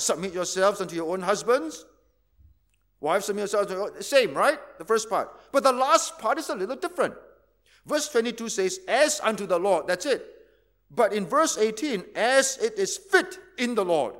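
Guy pastor giving a sermon, kinda high voice, explains stuff and repeats words to drive it home. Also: a bit bright. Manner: teaching, rhetorical questions, repeats key words.

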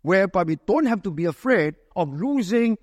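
A man preaching a sermon, talking conversationally and often checking in with the congregation with a quick "right?". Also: sits high, animated, darkish tone, no room sound, studio quality, in a large hall.

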